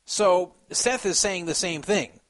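Guy doing casual commentary, kinda high voice, gets animated. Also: slow pace. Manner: animated, acts out quoted voices with sudden pitch jumps; laughs at his own remarks. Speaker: poker commentator. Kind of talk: casual commentary reading posts aloud.

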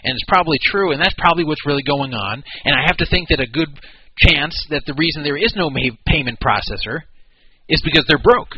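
A man's voice: on the high side, expressive, brisk, slightly rough, no room sound, lo-fi sound. A man hosting a talk show, explaining and criticizing a business in casual commentary. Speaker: podcast host.

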